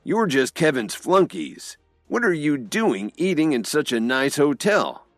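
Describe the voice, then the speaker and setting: Man playing an arrogant bully, loud and growling, audio drama. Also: on the high side, big pitch swings, unhurried, no room sound, studio quality, soft background music, pitched above the performer's own voice. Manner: growling, haughty. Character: arrogant, menacing older man, proud bully.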